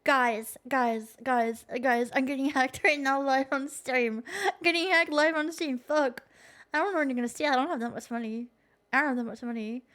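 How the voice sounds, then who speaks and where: A woman livestreamer giving casual reaction commentary, excitable and jokey, swearing freely. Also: high voice, normal speed.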